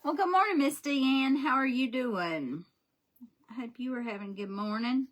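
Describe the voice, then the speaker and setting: A woman's voice: high-pitched, normal speed. A woman, chatting and telling stories while crafting live, laughing often. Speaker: craft livestream host. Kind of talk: casual chat while crafting.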